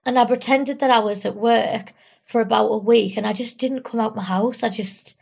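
A woman's voice: a little high, steady tone, normal speed, vocal fry, darkish tone, slightly rough. A young woman talking candidly and tearfully in an interview, rambling and full of fillers. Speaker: guest. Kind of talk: emotional personal interview.

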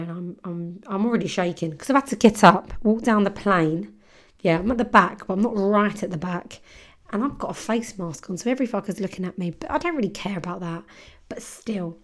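A young woman, hosting a podcast and telling a story in a casual, chatty way, full of swearing and fillers. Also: medium pitch. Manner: chatty, swears freely, lots of "like". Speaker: podcast host.

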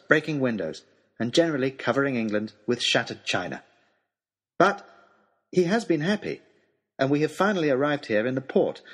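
A man's voice: mid-range voice, husky. A man reading a storybook letter aloud in a wry, dry and polite manner. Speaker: audiobook reader.

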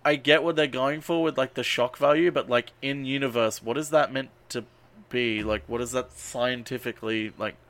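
A man's voice: mid-range voice, fairly even intonation, moderate pace, fairly bright tone. A man on a podcast casually recapping a movie, swearing and rambling with lots of ums and uhs. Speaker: podcast host.

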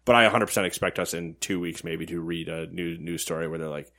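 A man's voice: sits low, steady tone, fast, sharp tone. A man co-hosting a casual gaming podcast who jokes a lot and slips into mock voices. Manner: joking, does mock voices, laughs often. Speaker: podcast co-host. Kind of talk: casual gaming news chat.

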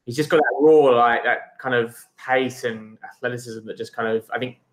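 A man's voice: medium pitch, fairly even intonation, moderate pace. A man from Australia, guest on a casual football podcast, talking tentatively with lots of kinda and right.

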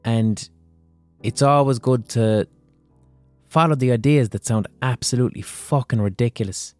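A man's voice: medium pitch, moderate pace, a little mellow, no room sound. Irish male podcast host, chatty and sweary, dry close sound, faint music behind. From Ireland, Limerick. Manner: chatty and profane, with restarts. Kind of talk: solo podcast monologue.

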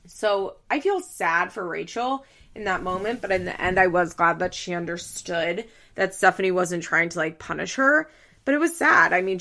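A young woman hosting a casual podcast, recapping a reality show with frequent laughter and quick impressions of the people in it. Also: on the low side. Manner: animated, laughs often, mimics people in quotes.

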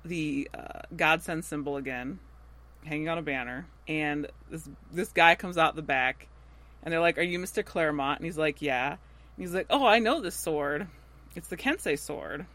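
A woman's voice: low-pitched, normal speed. A woman co-hosting a podcast, recapping a TV episode in casual chat, acting out the characters' lines and laughing often. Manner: animated retelling with acted-out quotes and frequent laughs. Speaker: podcast co-host.

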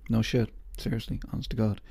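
A man's voice: fairly low pitch, flat delivery, quick pace, gravelly, mellow, slightly rough, no room sound. A man hosting his podcast in a rambling, self-mocking casual chat. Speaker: podcast host.

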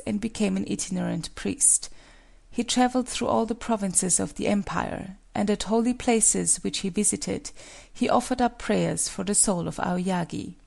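A woman reading a folk tale as scripted narration, in a measured, solemn way. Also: mid-range voice, gravelly, a little mellow. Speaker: storyteller.

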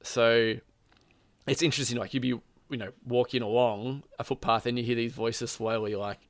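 A man's voice: mid-range voice, fairly even intonation, moderate pace, no room sound. A man casually telling a long story about a game, rambling with plenty of fillers and quoted lines. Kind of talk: casual chat.

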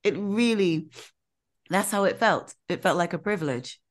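In a casual podcast conversation, a co-host from the Caribbean animatedly relates something that happened to her and acts out each character's voice. She speaks at a moderate pace in a fairly low voice.

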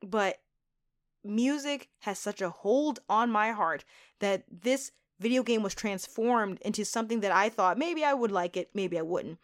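A woman's voice: medium pitch, lively intonation, measured pace. A woman hosting a solo podcast, talking in a gushing, emotional way with big swings in her voice. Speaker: podcast host.

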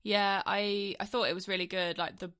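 A woman's voice: mid-range voice, level tone, fairly bright tone, smooth. A woman co-hosting a casual film review chat, easygoing and chatty. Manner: easygoing, chatty, quick to laugh along. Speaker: podcast co-host.

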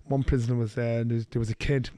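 A middle-aged man, co-hosting a podcast, telling a story in a lively way and slipping into the voices of the people he quotes. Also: medium pitch, quick pace, no room sound. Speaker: podcast co-host. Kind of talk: casual storytelling chat.

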